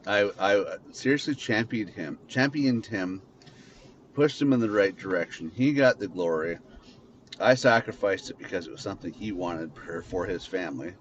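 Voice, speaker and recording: A low-voiced man rants bitterly and swears freely in an unscripted monologue. He records from inside his car. The sound is dull and lo-fi, with a faint hiss underneath. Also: lively intonation, normal speed. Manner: bitter, venting ranting with profanity. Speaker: podcast host. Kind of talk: unscripted monologue while driving.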